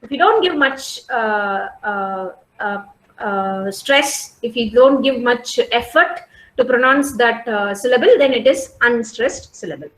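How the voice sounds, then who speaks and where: High-voiced woman lecturing online. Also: measured pace, a bit bright, roomy sound, poor audio. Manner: explains patiently, repeats points, asks "okay?" and "got it?" often. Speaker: college English lecturer. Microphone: video call.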